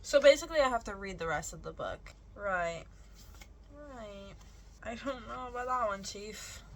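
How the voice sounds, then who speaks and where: A woman's voice: medium pitch, animated, a little fast. A young adult woman chatting casually in a reading vlog, rambling and correcting herself as she goes. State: out of breath. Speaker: book vlogger.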